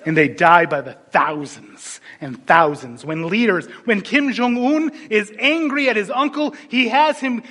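A man preaching a sermon, animated and storytelling, dropping suddenly into quiet asides. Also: high-pitched. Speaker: pastor. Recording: long hall reverb.

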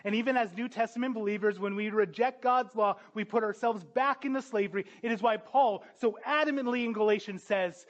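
A man preaching a sermon, earnest and emphatic, building to forceful peaks. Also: sits high, a little fast, hardly any pauses, lo-fi sound.

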